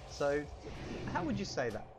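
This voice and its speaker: A man teaching vocabulary in a casual, chatty way while playing a game at home, repeating each word slowly for learners, a little hoarse from a cold. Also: on the high side, music in the background. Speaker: language teacher. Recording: steady background noise.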